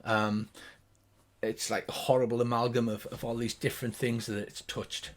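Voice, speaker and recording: A man's voice: mid-range voice, level tone, moderate pace. An older man running a tabletop game as game master, narrating in vivid detail with fillers.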